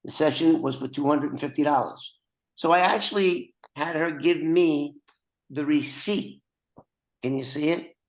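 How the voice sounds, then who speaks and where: A man's voice: a little high, a little slow, poor audio. An older man hosting a podcast over a video call, chatting casually with rambling, joking asides. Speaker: podcast host.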